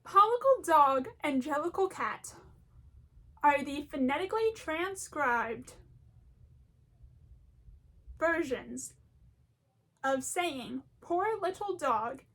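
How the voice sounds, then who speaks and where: High-voiced, chatty woman rambling. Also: lively intonation, takes it slowly, pauses often, a bit bright. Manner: chatty, self-deprecating, laughs often. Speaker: video essayist. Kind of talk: casual rambling commentary.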